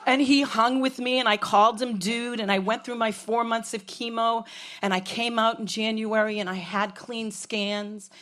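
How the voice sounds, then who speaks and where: A woman's voice: fairly high pitch, a bit bright. A middle-aged woman telling a frank, comic personal story on stage, swearing freely. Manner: frank, profane, comic, with laughs from a crowd.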